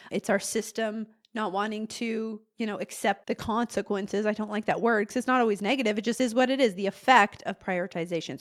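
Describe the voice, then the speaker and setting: A young adult woman hosting a casual solo podcast as a therapist, talking conversationally and acting out frustrated inner voices. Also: mid-range voice. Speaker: podcast host and ADHD therapist.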